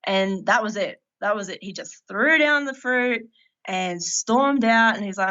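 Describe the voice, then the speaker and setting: A woman from Australia, a podcast guest, telling stories in a lively, casual way. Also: medium pitch, slow pace, muffled recording. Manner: lively storytelling with laughs. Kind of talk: casual interview chat.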